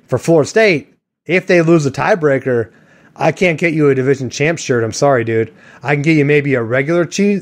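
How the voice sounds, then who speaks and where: A man hosting a sports podcast, rambling and joking in casual chat with a co-host. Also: mid-range voice.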